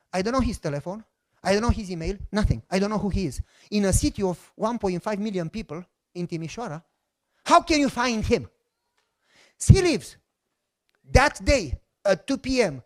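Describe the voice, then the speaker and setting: Man, Romanian accent, middle-aged, pastor, storytelling sermon, animated, joking. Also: high-pitched. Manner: animated, jokey, acts out dialogue.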